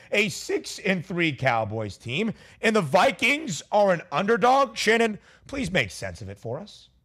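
A man hosting a sports betting talk show, leading a lively, playful segment with his guests. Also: high-pitched.

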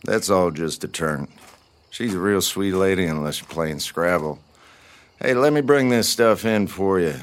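Laid-back host, hospitable drawl, low voice. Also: male voice, expressive, a little slow. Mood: welcoming. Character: friendly middle-aged male lake house host. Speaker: host of a lake house.

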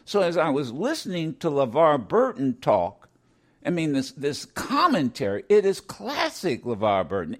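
An older man co-hosting a talk show from his home studio, commenting casually with frequent restarts as his thoughts run ahead of his words. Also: on the high side. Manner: animated, restarts often, quickens when excited. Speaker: radio show co-host.

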